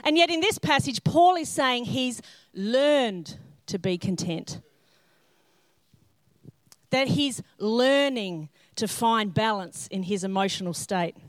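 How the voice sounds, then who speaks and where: A woman's voice: fairly high pitch, takes it slowly, dry recording. A middle-aged woman preaching a sermon, telling self-mocking stories and acting out the scenes. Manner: self-mocking humorous storytelling; animated, acts out scenes in character. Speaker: pastor.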